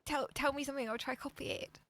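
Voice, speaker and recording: A woman's voice: high voice, fairly even intonation, fast, a bit bright, no echo. A woman in a roleplay game, bashful and giggly when put on the spot. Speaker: roleplay player. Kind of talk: in-character casual chat.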